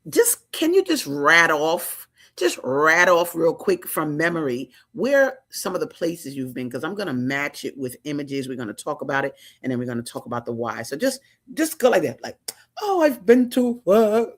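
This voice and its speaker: A woman from Chicago hosting a casual interview show, talking in an excited, playful way full of slang. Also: low-pitched, moderate pace, few pauses. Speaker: talk show host.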